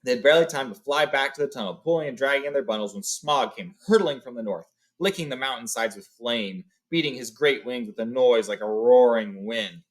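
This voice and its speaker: Reading a novel aloud at a brisk pace with hardly any pauses, a man with a medium-pitched voice breaks off now and then to sum things up casually, using fillers as he goes.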